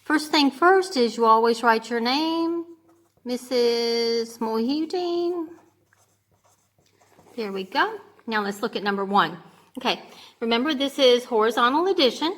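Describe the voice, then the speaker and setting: A woman's voice: on the high side, animated, unhurried, long pauses, a bit bright. A woman teaching a grade two class remotely, patiently sounding out words and checking in with "okay?". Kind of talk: remote lesson for young children.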